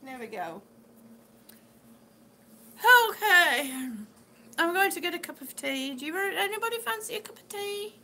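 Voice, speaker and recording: Her voice is very high and sharp, animated yet unhurried, with long pauses. This vlogger chats casually on a live stream, fondly reading out viewers' comments and calling them sweetie.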